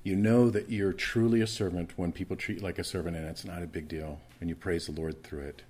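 A man preaching a morning sermon as pastor, swinging from loud emphatic lines to hushed asides and often repeating words as he restarts. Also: sits low, steady tone, fairly quick, breathy edge.

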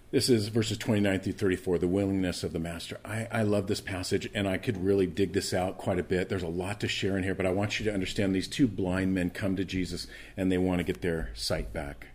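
A man preaching a morning sermon as pastor, swinging from loud emphatic lines to hushed asides and often repeating words as he restarts. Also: low-pitched.

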